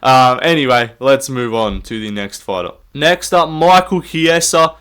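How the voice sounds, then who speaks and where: A man's voice: mid-range voice, measured pace, a bit bright, clear, resonant tone. A young man, rambling through jokey, sweary sports commentary and laughing at himself. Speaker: YouTube MMA commentator. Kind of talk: casual comedic commentary.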